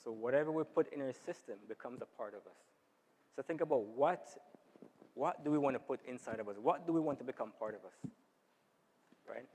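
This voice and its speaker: A man's voice: mid-range voice, lively intonation, a little fast, pauses often, mellow, breathy edge. Man giving a health talk in a reverberant hall. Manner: conversational, often asks the audience "right?". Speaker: health seminar speaker. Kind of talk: informal health talk to a church audience. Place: church hall.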